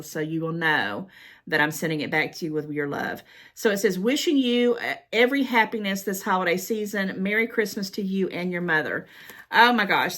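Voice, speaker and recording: A woman's voice: sits low, fairly bright tone. Gushing emotional middle-aged woman vlogger. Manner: emotional, gushing, repeats words. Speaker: haul vlogger. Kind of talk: casual chat reading fan mail.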